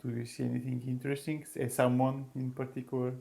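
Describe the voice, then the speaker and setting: A man's voice: mid-range voice, flat delivery, fast talker, vocal fry, dark tone. A man playing a tabletop game who speaks casually, slipping in and out of character, and sounds mildly unsure. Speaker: player.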